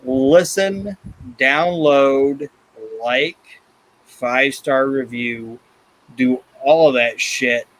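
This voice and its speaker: A man's voice: mid-range voice, a bit bright, poor audio. A man hosting a podcast in blunt, profane, casual chat. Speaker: podcast host.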